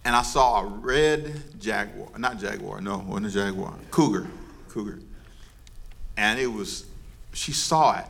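A man's voice: fairly low pitch, a little slow, gravelly, fairly bright tone, a little hiss or hum. A man preaching as pastor, leading his congregation in call and response and teasing them playfully. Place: church service before a congregation.

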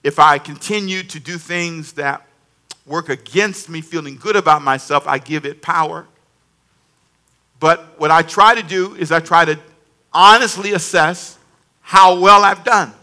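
Pastor, male, high ringing voice, lively preaching that calls on the congregation to answer. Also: measured pace. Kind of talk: sermon.

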